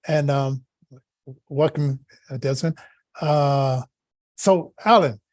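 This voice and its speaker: A man's voice: mid-range voice, slow pace, a little mellow, no room sound, studio quality. A man co-hosting a talk show in a chatty, casual way, often stammering and restarting his sentences. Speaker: co-host.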